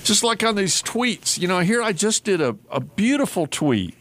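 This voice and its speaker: Man hosting talk radio, animated. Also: high voice, moderate pace. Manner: animated storyteller, acts out quotes in raised voices. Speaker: radio show host. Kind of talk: casual talk radio chat.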